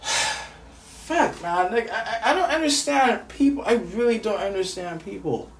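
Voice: medium pitch, animated, unhurried. A vlogger in an angry personal rant, upset, stammering and repeating words, with heavy swearing. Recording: roomy echo, distant from mic.

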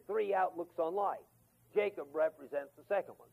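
A man's voice: high-pitched, lively intonation, unhurried, creaky, slightly rough. An older man teaching a Bible lesson to a men's class in a folksy storytelling way, acting out the quotes. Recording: tinny, warbly 1980s lecture tape.

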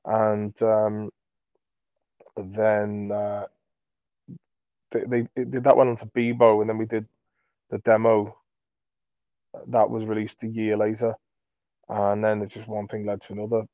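A man from Merseyside, a comedy creator, telling rambling sweary anecdotes in a relaxed interview. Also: on the low side, a little slow, pauses often, dry recording, dull audio. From Merseyside, England. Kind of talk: casual storytelling in an interview.

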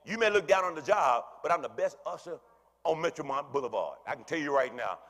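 A man's voice: fairly high pitch, expressive, a little fast. Man preaching in a reverberant church. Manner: dramatic swings between hushed and loud; conversational, asides to the congregation. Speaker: pastor. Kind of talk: sermon. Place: church sanctuary.

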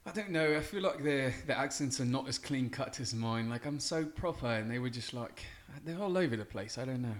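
A man voicing a prim, snooty young Englishman with a put-on English accent, deadpan and self-satisfied in an improvised comedy bit. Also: mid-range voice, fairly quick, few pauses, close to an everyday voice. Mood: smug.

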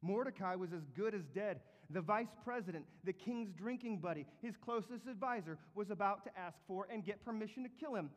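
A man preaching a sermon as pastor, telling stories with lively comic flair. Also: high-pitched, fairly quick, few pauses, long reverb tail. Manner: animated, comic storytelling.

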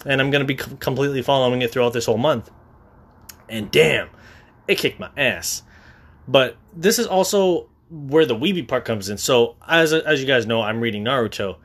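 A man's voice: medium pitch, moderate pace, fairly bright tone. A young man vlogging to his viewers in a rambling, profane way, often stammering and restarting. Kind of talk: casual monologue to viewers.

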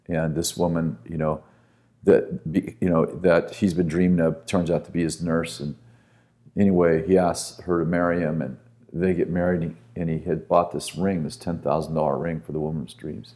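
A man's voice: extremely low pitch, mellow. A man speaking as a guest minister on a podcast, telling a story earnestly and with conviction.

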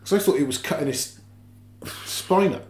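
A man's voice: fairly high pitch, normal speed, darkish tone. Laid-back man, roomy sound. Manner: laid-back storyteller, swears and chuckles. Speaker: podcast co-host. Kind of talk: casual film-discussion chat. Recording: echoey room.

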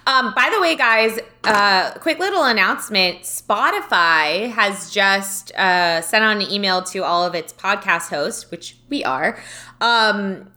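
A bright, forceful-sounding woman co-hosting a casual podcast. She tells stories in a chatty, lively way and laughs often as she talks. Her pitch sits in the middle range for a woman. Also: a little slow. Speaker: podcast co-host. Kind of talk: casual chat.

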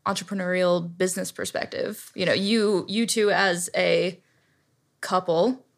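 A woman hosts a live podcast interview. Her voice has a gravelly, fry-laced texture. She asks questions and keeps up short, encouraging affirmations. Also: fairly low pitch, fairly even intonation, a little slow. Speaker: podcast host.

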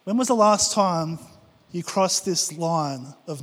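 High-voiced preacher in a reverberant hall. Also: male voice, expressive, takes it slowly. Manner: impassioned, acts out prayers and quotes. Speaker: pastor. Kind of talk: sermon.

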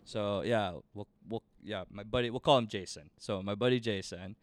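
A man's voice: fairly low pitch, normal speed, no room sound. Slangy young Canadian man telling a story. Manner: rambling, slangy, animated retelling with quoted voices. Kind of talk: casual storytelling chat.

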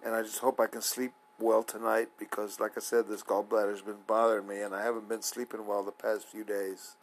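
Lowish-voiced man, nervous and sleepy. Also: little pitch movement, fairly quick, a little hiss or hum, poor audio. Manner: rambling, hesitant, many fillers and restarts; nervous, apprehensive. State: sleepy, yawning. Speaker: podcast host. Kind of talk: casual solo monologue.

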